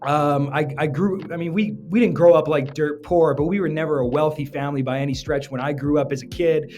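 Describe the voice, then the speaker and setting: Male entrepreneur, 30s, high-ish voice, punchy motivational delivery with jokes, soft music bed. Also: brisk. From Canada. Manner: energetic, joking, emphatic. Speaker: entrepreneur giving business advice. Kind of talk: motivational business talk to camera.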